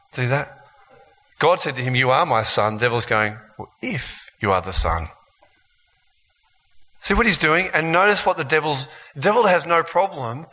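A man preaching a sermon, lively and animated, acting out voices as he makes his points. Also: medium pitch, in a large hall. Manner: animated, acts out voices of tempter and accuser.

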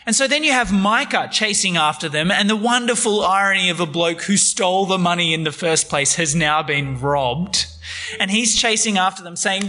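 A man preaching a sermon on a Bible passage, retelling it in a lively, conversational way. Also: sits high, moderate pace.

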